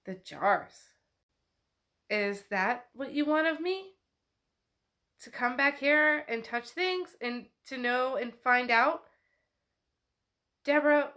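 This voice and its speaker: A book club host casually recaps a novel chapter out loud, chatting away, laughing often and saying "like" a lot. Her voice is fairly high, pushed and bright.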